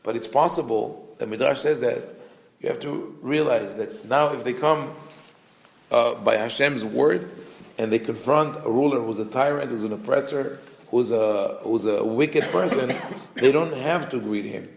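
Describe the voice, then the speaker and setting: A man, a rabbi, teaching a Torah class, reading Hebrew text quickly and then explaining it in a conversational way. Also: mid-range voice, vocal fry. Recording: echoey room.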